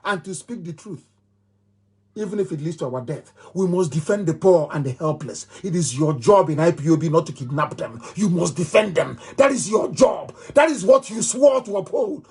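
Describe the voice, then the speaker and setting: A middle-aged Nigerian-accented man delivers a live political address. His voice is high-pitched and husky. He drives his points home by repeating them and breaks into scornful laughter. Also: expressive, normal speed, a little mellow. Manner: emphatic and repetitive, with mocking laughs. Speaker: movement leader giving a broadcast.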